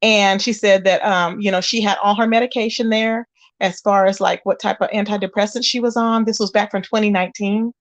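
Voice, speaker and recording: A woman's voice: mid-range voice, fairly even intonation, a little fast. A woman hosting a casual live stream, chatting straight to her viewers and exclaiming as she goes. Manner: chatty, addresses viewers directly, exclaims often. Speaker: livestream gossip host. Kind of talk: casual live-chat commentary.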